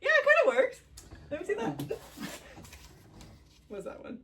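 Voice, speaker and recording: Podcast co-host, high voice, very animated pitch, quick questions, giggly, distant mic, faint noise. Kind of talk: casual podcast chat.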